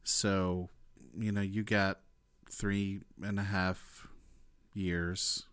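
Slow, smooth-voiced male podcast host. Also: low voice, little pitch movement, no room sound, clean studio sound. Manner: quiet, brief prompts and backchannels. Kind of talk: interview chat.

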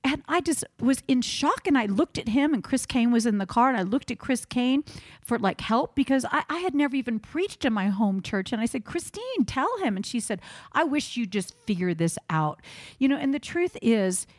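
A middle-aged woman preacher in casual conversation, telling lively stories and acting out the exchanges she quotes. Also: on the high side, a little fast, dry recording. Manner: animated storyteller, acts out quoted exchanges. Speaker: preacher and podcast co-host.

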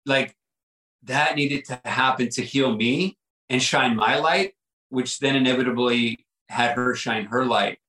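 A man's voice: mid-range voice, measured pace, bright, forceful tone. Earnest man telling his story, roomy sound. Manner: earnest, reflective, repeats words with frequent "like" and "right?". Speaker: podcast guest. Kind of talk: personal storytelling.

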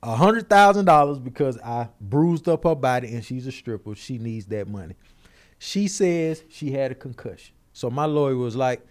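A man casually telling a comedic story, animated and acting out the people in it. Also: mid-range voice, normal speed. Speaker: storyteller on a podcast.

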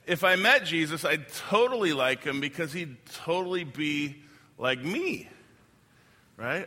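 A man's voice: fairly high pitch, pushed and bright. A male pastor preaching a sermon in a conversational, joking way, full of casual fillers. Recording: long hall reverb.

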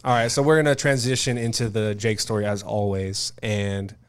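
A young man co-hosting a podcast, tossing in quick wisecracks during casual banter. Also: lowish voice, little pitch movement, smooth. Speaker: podcast co-host.

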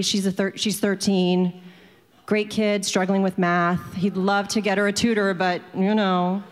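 A woman's voice: mid-range voice, in a large hall. A woman telling a personal story to an audience in a chatty way, filling it with "like" and acting out the people in it.

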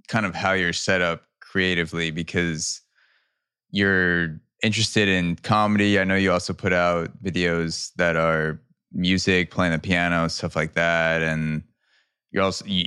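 A man with a low, fairly flat voice that still sounds bright and crisp. He hosts a casual podcast chat, relaxed and jokey, and his questions ramble on. The sound is dry and close, from a studio podcast mic. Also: dry recording. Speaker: podcast host.

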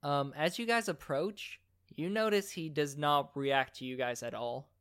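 A man narrating as game master of a tabletop game, in a relaxed, conversational way with fillers. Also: on the high side, measured pace, clear, resonant tone.

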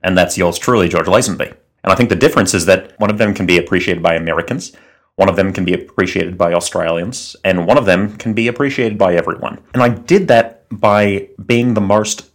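This is a man with a very deep, low voice, guesting in a comedy sketch interview. He talks in a boastful, self-assured way and brags about his own talent. He plays a celebrity actor. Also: fairly quick.

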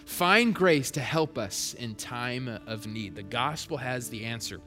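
A man preaching a sermon with passion, swinging between loud urgent stretches and hushed quiet ones. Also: mid-range voice, lively intonation, measured pace. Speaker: pastor. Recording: long hall reverb, soft music behind.

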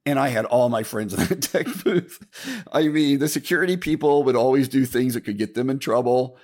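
A man's voice: mid-range voice, brisk, darkish tone. An older man telling a long personal story in a casual, rambling way, with restarts, mild swearing and repeated asides to "folks". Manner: keeps addressing listeners as folks. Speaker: podcast host telling a story.

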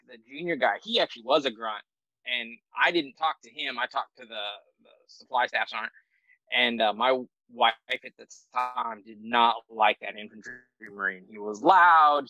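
Man, forties, from the US, bright tense voice, rambling casual storytelling, dry close sound. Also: medium pitch, no room sound, rough recording. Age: 40s. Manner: rambling, self-deprecating, lots of fillers and restarts. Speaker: guest, military veteran.

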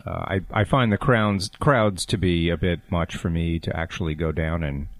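A man's voice: low-pitched, steady tone, normal speed, no echo, clean studio sound. A man on a comedic talk radio show, speaking in a formal, stiff and hesitant way.

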